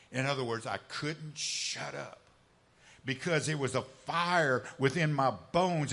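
Impassioned male preacher, bright voice. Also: fairly high pitch. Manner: impassioned, swings from loud to hushed. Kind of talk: sermon.

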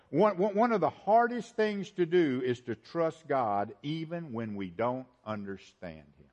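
Male preacher, somewhat high voice, lively pitch swings, emphatic repetition. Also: measured pace, few pauses, muffled recording. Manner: emphatic preaching with repeated phrases; swings from loud high emphasis to low quiet asides. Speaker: pastor. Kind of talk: sermon.

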